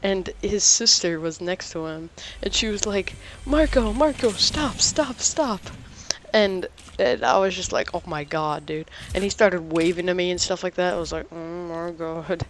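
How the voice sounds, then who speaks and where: A teenage boy casually telling a story about his day, rambling with halting restarts and lots of "like". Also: high voice, steady tone, slight background noise. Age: teens.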